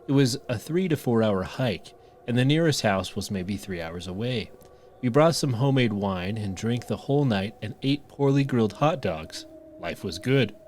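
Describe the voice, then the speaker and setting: A male podcast co-host reads a story aloud in a low voice, breaking off to joke. A faint hiss sits behind him. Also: expressive, moderate pace, darkish tone. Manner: reads posts aloud, laughing and joking between lines. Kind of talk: reading stories aloud with banter.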